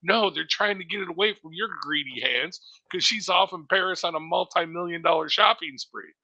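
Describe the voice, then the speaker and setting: A sarcastic male co-host with a very bright, tense and slightly high voice. He cuts in quickly, and the sound is dry and close. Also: creaky, no echo, dull audio. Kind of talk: casual debate chat.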